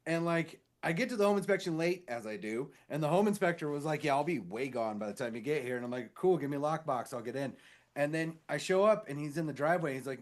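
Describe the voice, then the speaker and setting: A married man co-hosting a casual podcast, telling a rambling story full of swearing and quick impressions of other people. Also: fairly high pitch. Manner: rambling, animated, swears freely; mimics others with shifted voices in stories. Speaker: podcast co-host.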